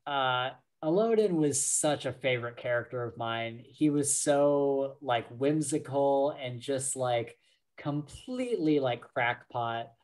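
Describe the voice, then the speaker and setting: A man co-hosting a book podcast in a loose, casual chat. He speaks slowly and unhurriedly at a mid pitch, leaning on fillers and breaking into laughs often. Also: animated, darkish tone. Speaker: podcast co-host.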